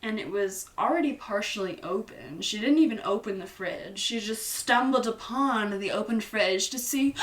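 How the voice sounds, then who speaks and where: Bright-voiced woman recapping a film in a roomy space. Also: mid-range voice, measured pace, distant mic. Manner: chatty, playful, acts out the characters' lines. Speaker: host. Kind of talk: casual movie recap.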